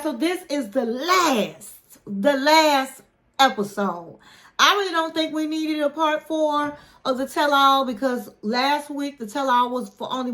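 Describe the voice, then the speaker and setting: A woman with a fairly high voice hosts her own online channel, recapping a reality show in a loose, chatty way. She talks with a playful, animated delivery and stretches out her flourishes. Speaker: YouTube host reviewing a reality show.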